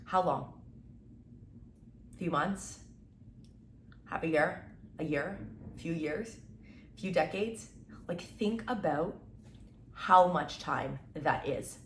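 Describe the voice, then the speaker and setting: A woman in her twenties giving an energetic, tough-love motivational talk as a content creator. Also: deep voice, slow pace, pauses often, echoey room, slight background noise. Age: 20s.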